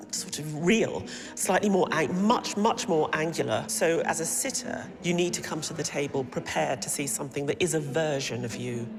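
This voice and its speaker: A woman's voice: low voice, big-room sound. A woman commenting on an artist's style in an emphatic, explanatory way. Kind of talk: interview commentary.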